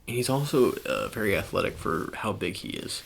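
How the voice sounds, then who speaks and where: A young man speaking in a soft ASMR style, chatting casually and rambling with many fillers and restarts. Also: on the low side, wildly swooping pitch, moderate pace, gravelly, a little hiss or hum. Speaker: ASMR channel host. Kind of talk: soft-spoken ASMR sports talk.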